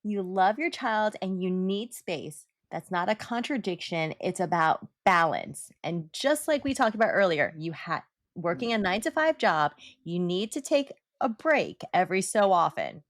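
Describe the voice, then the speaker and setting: A woman co-hosting a podcast about motherhood, speaking in a measured, reassuring way as she offers gentle reframes. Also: lowish voice, expressive, no room sound, studio quality. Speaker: podcast co-host. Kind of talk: casual chat.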